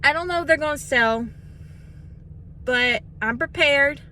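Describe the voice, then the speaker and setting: A woman who runs a small craft shop, chatting in a casual vlog, excited and close to tears, talking into a phone in a vehicle. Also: high-pitched, measured pace, slight background noise. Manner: emotional, near tears, excited. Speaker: craft shop owner vlogging.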